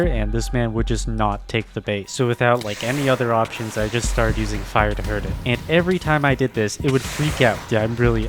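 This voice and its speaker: A man narrating his own gameplay in a wry, casual way, breaking into jumpy, excitable reactions. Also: medium pitch. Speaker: gaming video creator. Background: background game music.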